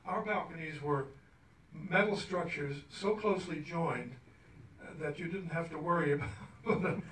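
A man's voice: on the high side, moderate pace, a bit bright. A man from Arkansas reading his own story aloud to an audience, wry and chuckling as he goes. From Arkansas, USA. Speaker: guest speaker. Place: event hall at a cultural center. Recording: roomy hall, mic at a distance.

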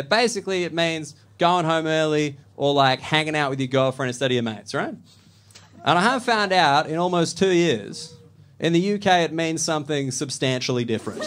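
A man's voice: a little high, fairly bright tone. A man with an Australian accent doing a blunt, casual stand-up set in a comedy club, often checking in with the crowd. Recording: noisy live club recording.

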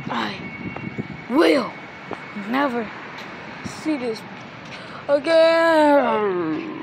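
A woman's voice: fairly high pitch, lively intonation, slow pace, pauses often. A woman improvising a toy story, grumbling and making threats in a rambling way. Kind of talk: improvised toy play-acting. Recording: noisy home recording.

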